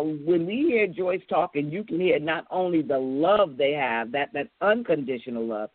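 A woman with a low-pitched voice hosts a call-in radio talk show as a minister. She laughs often and offers warm, church-style affirmations. The recording has a dry, tinny, phone-like broadcast quality with no room sound.

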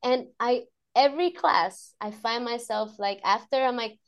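A woman's voice: a little high, unhurried, lo-fi sound. A woman guest on a podcast, talking reflectively and emotionally about teaching mindfulness to children, laughing often. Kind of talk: conversational interview.

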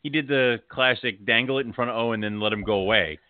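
A man co-hosting a podcast in casual chat, laid-back with frequent chuckles and quick asides. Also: mid-range voice, dry recording. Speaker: podcast co-host. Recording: tinny phone-like sound, dry.

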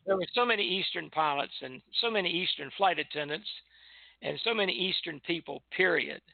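An older man with a heavily gravelly, slightly high voice spins an easygoing pilot anecdote. He chuckles between lines, and he comes through a tinny, dry phone line. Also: brisk, no room sound. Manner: relaxed anecdotal storytelling, chuckling. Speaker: retired airline pilot. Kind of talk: casual reminiscing on a call-in show.

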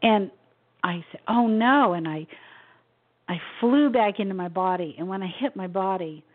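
A woman in her sixties, from Memphis, Tennessee, a guest author telling a personal story in a soft, halting way. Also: on the low side. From Memphis, Tennessee, USA. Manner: soft-spoken, halting, with small laughs. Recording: tinny phone line.

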